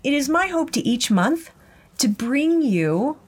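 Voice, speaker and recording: Brief: middle-aged woman host, gentle reflective storyteller on an outdoor walk. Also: high voice, big pitch swings, takes it slowly. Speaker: podcast host. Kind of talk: walking podcast monologue. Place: outdoors on a ranch trail.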